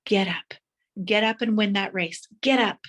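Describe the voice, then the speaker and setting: A woman's voice: mid-range voice, a little slow, fairly bright tone. A woman voicing a steadfast, encouraging father within a motivational story. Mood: urging.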